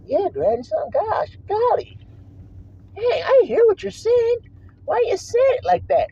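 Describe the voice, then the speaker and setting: A man voicing a whining male critic who begs him to calm down, with exasperated, drawn-out exclamations. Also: very high voice, a little hiss or hum, pitched above the performer's own voice, exaggerated voice. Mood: whiny mockery. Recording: dull lo-fi sound.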